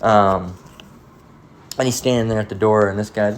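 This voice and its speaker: Swearing rambling dude preaching, does little voices for people, faint background hum. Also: male voice, on the low side, steady tone, moderate pace. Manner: profane, rambling storytelling; acts out voices in quoted dialogue. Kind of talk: casual sermon monologue.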